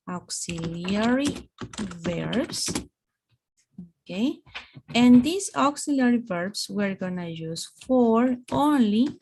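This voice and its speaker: A woman's voice: a little high, a little mellow, a little hiss or hum. A woman whose first language is Spanish, patiently teaching English grammar on a video call and checking in with frequent "okay"s. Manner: patient, explains step by step with many "okay"s. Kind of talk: online English grammar lesson.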